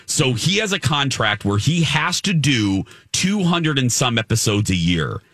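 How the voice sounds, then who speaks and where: A man's voice: mid-range voice, sing-song, a little slow, fairly bright tone, husky, no echo, studio quality. A man hosting a talk radio show, chatting casually and rambling with restarts, and reading ads. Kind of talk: casual chat and read ads.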